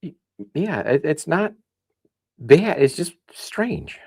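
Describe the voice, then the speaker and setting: A man from the Midwest hosting a casual livestream, chatting and thinking out loud as he reads comments. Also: a little high, very animated, slow pace, creaky, breathy edge, no room sound, clean studio sound. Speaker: livestream host. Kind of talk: casual tasting livestream chat.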